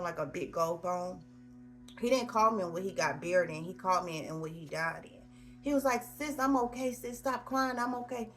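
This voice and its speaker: A woman's voice: lowish voice, vocal fry. A woman in her thirties answering question prompts alone on camera, blunt and crude, joking as she goes. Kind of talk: casual solo question-and-answer.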